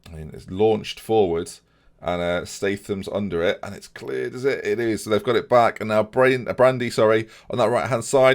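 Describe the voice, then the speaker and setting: A young man commentating his own video game match, fretting one moment and shouting the next. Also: on the low side, normal speed. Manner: excitable, swings from fretting to shouting.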